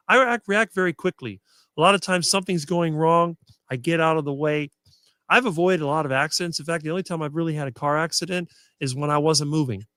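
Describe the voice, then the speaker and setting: A middle-aged man talking casually as a guest and answering quickly with almost no fillers. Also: on the high side, fairly bright tone, no room sound. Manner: fluent and quick, few fillers. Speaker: guest on a diet talk show. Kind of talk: casual conversation on a live stream.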